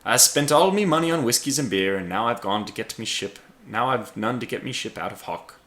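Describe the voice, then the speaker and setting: Man putting on a loud Irish-brogue giant brawler. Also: medium pitch, animated, fairly quick, close to an everyday voice. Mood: rueful. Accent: put-on Irish brogue, wavering. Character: huge red-haired hard-drinking brawler, jovial man.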